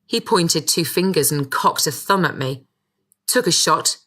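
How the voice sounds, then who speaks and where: A woman's voice: sits low, animated, unhurried, fairly bright tone. A woman reading a first-person audiobook with a wry, sardonic storytelling manner. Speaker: audiobook narrator.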